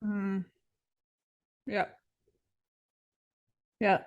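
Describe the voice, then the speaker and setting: A woman's voice: medium pitch, measured pace, gravelly, no room sound. Young woman, casual podcast chat, chatty, lots of fillers, dry close mic. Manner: chatty, full of "like" and "right?". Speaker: podcast co-host; teacher.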